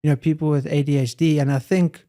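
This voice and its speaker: A man's voice: on the high side, fairly even intonation, quick pace, warm tone. A young adult man, a podcast guest, talking in an earnest, reflective way and often repeating phrases. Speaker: podcast guest, hybrid athlete. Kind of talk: casual conversation.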